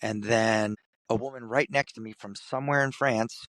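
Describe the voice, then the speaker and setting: A man guest in an interview, from Kentucky, telling a story in an animated way and putting on the voices of the people in it. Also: mid-range voice, normal speed, no echo. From Kentucky, USA. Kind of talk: storytelling in conversation.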